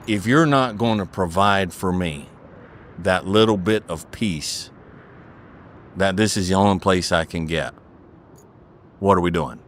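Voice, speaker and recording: A man's voice: fairly low pitch, fairly bright tone, slight background noise. A middle-aged man speaking as an interview guest, talking in an earnest and preachy way, repeating his points and asking "okay?".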